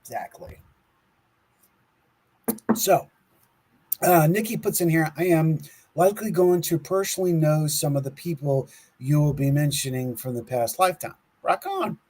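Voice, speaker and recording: A man's voice: fairly high pitch, measured pace, pauses often, a little mellow, low-quality recording. A man co-hosting a casual podcast, laughing often and stumbling over words as he reads aloud from his notes. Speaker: podcast co-host. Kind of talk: casual conspiracy podcast talk, reading from notes.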